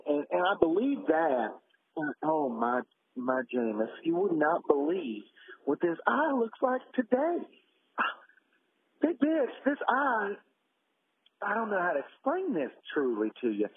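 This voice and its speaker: A man's voice: a little high, breathy edge, full character voice. A man playing a frantic, breathless small-town gossip rambling into a voicemail, stammering and out of breath. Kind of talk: comic voicemail sketch. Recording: tinny phone-line voicemail.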